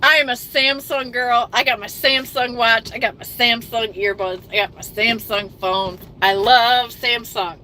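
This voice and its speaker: A woman's voice: a little high, steady tone, moderate pace, few pauses, pushed and bright, slight background noise, poor audio. A middle-aged woman chatting emphatically on a livestream, reading viewer comments aloud, emotional after crying. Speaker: trucking livestreamer reading chat. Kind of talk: casual livestream chat.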